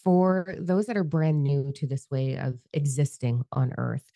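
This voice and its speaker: A woman co-hosting a podcast, talking bluntly and casually, swearing freely and telling animated stories. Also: very deep voice, unhurried, creaky, no room sound. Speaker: podcast co-host.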